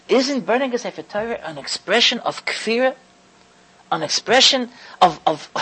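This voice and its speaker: A woman teaching a religious lecture to an audience, stressing key words slowly and often restarting phrases as she thinks aloud. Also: fairly high pitch, breathy edge, low-quality recording. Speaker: Torah lecturer.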